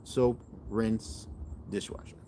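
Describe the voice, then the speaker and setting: A man's voice: fairly low pitch, fairly even intonation, takes it slowly, mellow, a little hiss or hum. A middle-aged man hosting a cooking channel, chatting casually to viewers in a rambling, self-correcting way and animating his stories.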